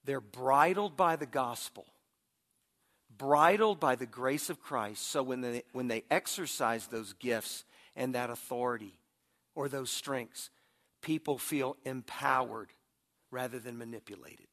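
A middle-aged pastor preaches a sermon in a conversational, unhurried way, his mid-range voice carrying a fairly bright tone. He often restarts words as he begins a thought, repeating them at the start of sentences.

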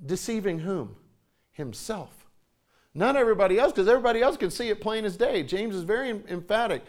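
A man in his forties preaching a sermon in a folksy, animated storytelling way, often repeating himself for emphasis. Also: sits high, fairly quick. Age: 40s.

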